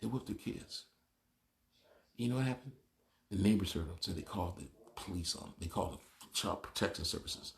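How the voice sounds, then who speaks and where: A man's voice: deep voice, a little fast, vocal fry. A man talking straight to the camera in a casual, opinionated monologue, telling stories animatedly. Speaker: vlogger.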